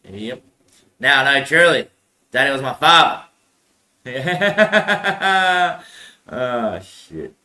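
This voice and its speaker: A man's voice: on the high side, pushed and bright. A man hosting his own show in a rambling solo monologue. He laughs often, trails off into muttered curses, and keeps calling the listener son and mate. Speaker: show host. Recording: roomy echo.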